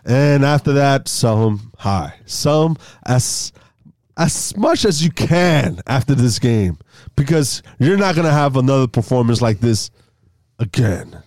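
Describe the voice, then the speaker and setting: A man at an ordinary mid pitch leads a casual podcast chat, often tripping over his words and starting again. His pitch jumps up on points he wants to stress. The recording is dry and close. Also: measured pace, no room sound. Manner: leads the segments, stumbles and restarts, lively pitch swings. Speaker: fantasy football co-host.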